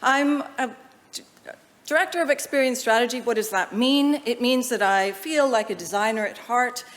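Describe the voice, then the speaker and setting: Woman, American accent, conference speaker, lively, in a reverberant hall. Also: on the high side, moderate pace. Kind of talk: conference presentation. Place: lecture hall. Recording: long reverb of a large hall.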